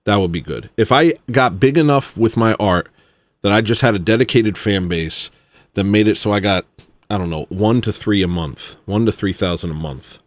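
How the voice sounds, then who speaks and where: A man, an independent musician, ranting heatedly, swinging from low grumbling to loud exclamations. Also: normal speed, dry recording. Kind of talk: ranting monologue.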